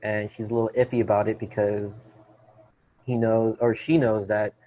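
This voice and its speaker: Low-voiced man, muffled lo-fi sound. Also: little pitch movement, normal speed, a little hiss or hum. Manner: rambling, many fillers and restarts. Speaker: podcast host. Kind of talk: casual movie discussion. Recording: dull lo-fi sound.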